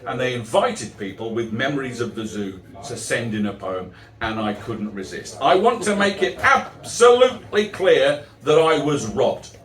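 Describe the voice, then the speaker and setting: A man's voice: medium pitch, sing-song, moderate pace, few pauses, a bit bright. A middle-aged man giving a live poetry performance, mixing rhyming verse with wry, self-mocking asides. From England. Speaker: poet. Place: chapel venue. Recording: roomy, distant live recording.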